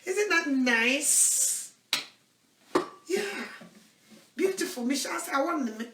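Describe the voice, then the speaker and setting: A Ghanaian woman evangelist with a Ghanaian accent, preaching in a self-recorded monologue, emphatic and swinging between loud declarations and low asides. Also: expressive, slow, roomy sound, far from the mic, noisy background.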